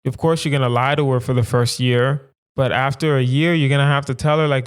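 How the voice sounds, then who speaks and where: A man's voice: mid-range voice, brisk, hardly any pauses, smooth. A young adult man hosting a solo comedy podcast, riffing emphatically and repeating lines for effect. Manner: animated, emphatic riffing with repetition. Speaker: podcast host.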